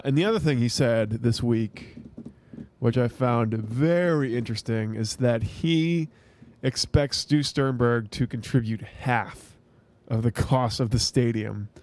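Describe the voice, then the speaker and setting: A man's voice: mid-range voice, a little mellow. A young man co-hosting a podcast in casual chat, rambling with frequent restarts and casual swearing. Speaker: podcast co-host.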